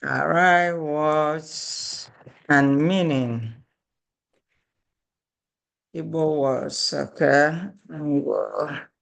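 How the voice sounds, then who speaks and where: This is a language teacher in the middle of a lesson, speaking at an unhurried pace at a mid pitch. The teacher repeats every phrase several times and keeps checking that the students follow. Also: vocal fry, a bit bright. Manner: patient, repeats each phrase, checks in with "okay?".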